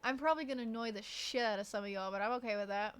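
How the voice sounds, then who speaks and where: A woman streamer giving casual gameplay commentary on a close desk mic, blunt, profane and excitable. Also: on the high side, very fast, smooth.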